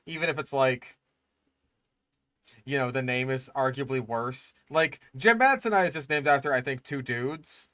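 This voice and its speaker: A young man reacting on a stream, exasperated and sarcastic, swearing freely as he picks things apart. His voice sits at a medium pitch and sounds close and dry, with no room around it. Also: moderate pace, fairly bright tone, no room sound. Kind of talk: casual reaction commentary.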